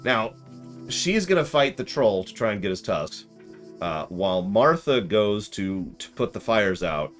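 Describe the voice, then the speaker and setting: A man casually retelling a game session in an animated, rambling way, often correcting himself. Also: fairly low pitch, a little slow, faint music behind. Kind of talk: casual storytelling.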